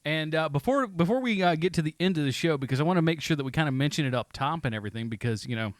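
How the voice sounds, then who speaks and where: A man's voice: a little high, expressive, very fast, dry recording, clean studio sound. Rambling, laughing podcast host guy. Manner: rambling, laughs often, lots of fillers. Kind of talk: casual podcast chat.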